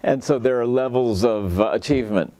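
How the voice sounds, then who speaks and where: A man hosting a local TV interview, polite and a little hesitant, often pausing with "uh". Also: medium pitch, warm tone. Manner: hesitant, polite, fills gaps with uh. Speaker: host.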